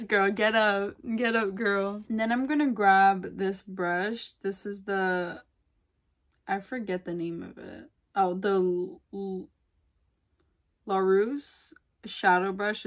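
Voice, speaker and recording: A young woman chats her way through a makeup tutorial. Her talk is slangy and gossipy, with "like" in nearly every sentence. Her pitch sits in the middle range for a woman. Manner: gushing, gossipy, slangy, lots of "like". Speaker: beauty vlogger. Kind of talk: casual chat during a makeup tutorial.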